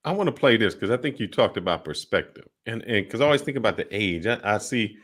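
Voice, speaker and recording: A man hosting an interview, asking questions with lively emphasis. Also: fairly low pitch, quick pace. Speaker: host. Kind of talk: casual interview talk.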